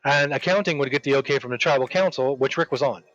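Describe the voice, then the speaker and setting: A man telling a long workplace story in casual chat while streaming a game, rambling and animated, acting out the people he quotes. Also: medium pitch, fast talker, highs cut off.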